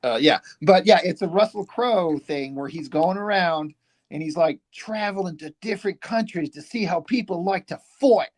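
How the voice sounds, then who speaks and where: A man chatting on a livestream, telling stories in a rambling, animated way full of fillers. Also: high-pitched, normal speed. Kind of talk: casual livestream chat.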